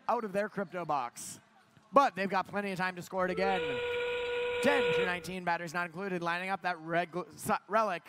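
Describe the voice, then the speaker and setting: Excitable high-voiced male play-by-play announcer. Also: a little fast. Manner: excited play-by-play, climbs in pitch at big moments. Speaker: match commentator. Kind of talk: live robotics match commentary.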